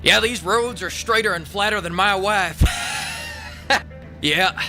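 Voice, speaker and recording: A man's voice: sits high, slow, pushed and bright. A man giving sarcastic, profane comedic gaming commentary and often jumping into mock voices. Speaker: gaming YouTuber. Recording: with background music.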